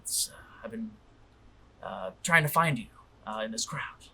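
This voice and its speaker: A reserved, upper-class company man with a posh British accent voiced by a man in a tabletop game. He speaks in a formal, measured way and keeps his voice low and polite. There is a bright edge to his tone. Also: very animated, creaky, breathy edge, heavily acted.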